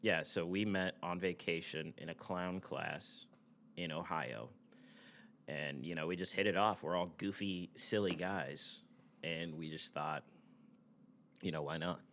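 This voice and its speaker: A man's voice: deep voice, unhurried, a bit bright, a little hiss or hum. A young man in his twenties, co-hosting a podcast in casual, profane, laughing banter. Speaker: podcast co-host.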